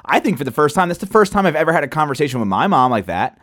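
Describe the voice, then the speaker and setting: Male podcast host, lively up-and-down delivery, loose and chatty with a bit of profanity, dry close sound, mid pitch. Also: rapid-fire, dry recording. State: sipping wine while talking. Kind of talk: casual chat.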